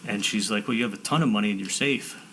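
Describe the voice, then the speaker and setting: Faint room hiss runs under this rough recording of a defendant's courtroom testimony. His low-pitched voice is bright and forceful, and he retells conversations in halting bursts, restarting and repeating words.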